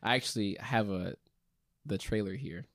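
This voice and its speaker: A young man hosting a casual podcast, upbeat at the intro and relaxed and joking in the chat. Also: lowish voice, normal speed, no echo, studio quality. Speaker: podcast host.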